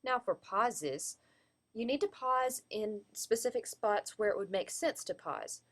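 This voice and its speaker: Woman presenting to class, pitch goes all over, explains and stresses words to show emphasis. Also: expressive, a little slow. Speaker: student presenter.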